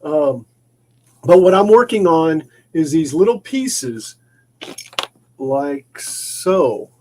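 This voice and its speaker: Speaking extremely slowly in a warm, animated, highish voice, a man rambles on a casual maker-shop livestream as he works, repeating and restarting often. A slight hiss or hum is present.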